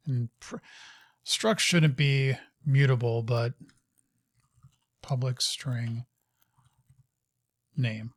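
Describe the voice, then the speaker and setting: A man works through a coding session and thinks out loud at an unhurried, deliberate pace, his voice sitting at an ordinary middle pitch. He mutters to himself, scolds the code and slips in wry, self-mocking asides. The sound is close and dry, with no room around it. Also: steady tone, dry recording. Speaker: host of a live coding session. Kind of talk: thinking aloud while coding.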